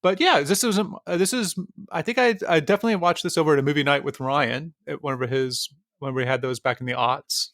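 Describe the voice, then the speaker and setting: Higher-voiced man, dry and close. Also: fairly quick, hardly any pauses, fairly bright tone, no echo. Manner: rambling, self-deprecating, many fillers. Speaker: podcast cohost. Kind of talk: casual chat.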